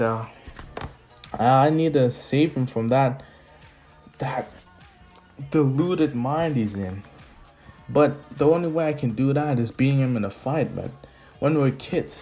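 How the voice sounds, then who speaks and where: Rambling man telling a fan story. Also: mid-range voice. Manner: rambling, self-correcting. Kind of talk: casual improvised fan story. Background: soft lofi music.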